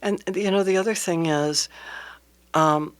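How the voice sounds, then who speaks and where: A woman guest on a radio interview, telling a personal story in an earnest, halting way and dropping to a hush at the tender parts. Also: fairly low pitch, clean tone.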